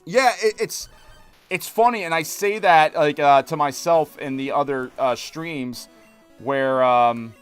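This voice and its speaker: Over soft background music, a man in his thirties streams a game and chats loosely, rambling and restarting often in casual let's-play style. His voice is a little high and clean-toned, and he speaks slowly.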